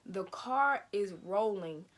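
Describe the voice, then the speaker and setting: A woman's voice: medium pitch, animated, slow pace. A young woman, telling a family story in a casual, earnest way that often repeats itself. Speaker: vlogger. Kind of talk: emotional storytelling.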